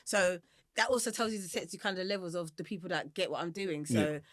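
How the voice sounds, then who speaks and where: A woman's voice: fairly low pitch, fast talker, a bit bright, no room sound, studio quality. A singer-songwriter woman from South London with a London accent, talking candidly and directly in a podcast interview, laughing often and acting out the voices of people she quotes.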